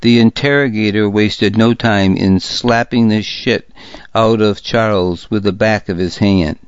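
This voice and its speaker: A man with a lowish voice reads a first-person story at a slow, unhurried pace. His delivery is measured and even. The sound is dry and close, with a slightly dull, lo-fi quality. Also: clean tone, no room sound. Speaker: audiobook narrator. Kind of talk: first-person scripted narration.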